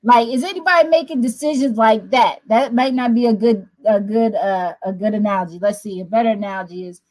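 Woman, prayer leader, fairly high voice, casual teaching, joking asides, repeats words for emphasis. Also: a little fast, a little mellow, rough recording.

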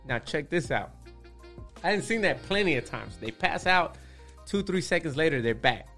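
A man's voice: fairly high pitch, expressive, moderate pace, sharp tone, faint music behind. A man, a tattoo artist, telling a story in a laid-back way, with lots of swearing and repeated "you know what I'm saying". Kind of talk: casual storytelling.

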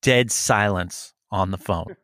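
A man co-hosting a podcast in casual chat, telling animated stories, acting out phone calls and swearing freely. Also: low-pitched, slow, no room sound, clean studio sound. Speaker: podcast co-host.

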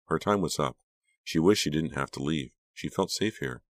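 A man narrating an audiobook in a measured storytelling manner. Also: very deep voice, dry recording. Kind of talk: scripted narration.

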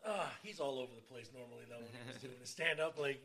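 A man's voice: mid-range voice, fast talker, pushed and bright. A man hosting a casual podcast chat, loose and profane, laughing easily. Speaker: podcast host.

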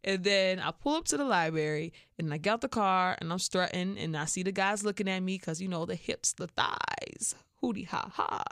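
A young woman from Chicago with a Chicago accent, hosting a podcast and telling a story in a casual, animated way, acting out what people said. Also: lowish voice, fairly quick, few pauses, clear, resonant tone, dry recording, studio quality. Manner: animated, acts out quoted voices with laughs. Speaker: podcast host.

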